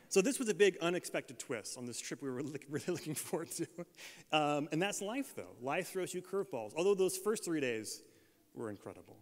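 A man's voice: on the high side, animated, a little fast. An American man preaching a sermon, telling a funny travel story with self-deprecating humor before turning to scripture. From United States. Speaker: pastor. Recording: long reverb of a large hall.

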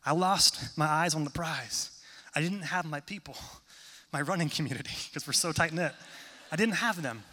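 A man preaching a sermon in a church hall, conversational and self-deprecating, turning animated when he tells stories. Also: fairly high pitch, normal speed. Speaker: pastor. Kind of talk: sermon with humorous storytelling. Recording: long reverb of a large hall.

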